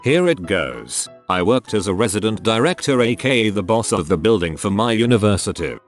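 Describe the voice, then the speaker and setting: A man reading online stories aloud as a narrator, in a steady, even storytelling manner. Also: lowish voice, brisk, soft background music.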